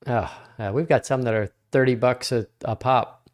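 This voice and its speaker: A man co-hosting a casual business podcast, relaxed and chiming in with short dry quips. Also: mid-range voice, moderate pace. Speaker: podcast co-host, business owner.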